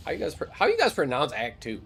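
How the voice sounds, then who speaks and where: A young man streaming games talks quickly in a high, gravelly, slightly bright voice with huge pitch swings. He trades loose, profane jokes with his chat, over slight background noise.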